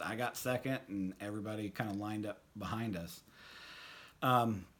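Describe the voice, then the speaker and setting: A middle-aged man telling a fond personal anecdote at a tribute, halting with many fillers and restarts. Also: medium pitch. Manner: fond, reminiscing. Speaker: storyteller at a tribute.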